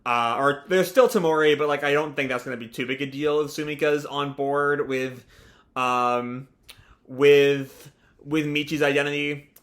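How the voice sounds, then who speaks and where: Brief: young male reaction host, casual and rambling, bright and forceful tone, slightly high. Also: steady tone, unhurried. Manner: casual, rambling, many fillers. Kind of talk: live reading and reaction.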